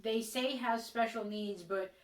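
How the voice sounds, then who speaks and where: A woman's voice: a little high, unhurried. Woman, casual film review, exasperated, chatty, echoey room, distant mic. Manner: chatty, exasperated, frequent ums. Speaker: horror movie reviewer.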